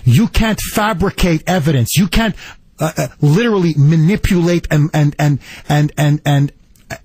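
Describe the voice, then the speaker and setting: Indignant talk radio host, husky and high. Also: male voice, normal speed, a little mellow, no room sound. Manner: indignant, emphatic, repetitive. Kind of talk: political talk radio monologue.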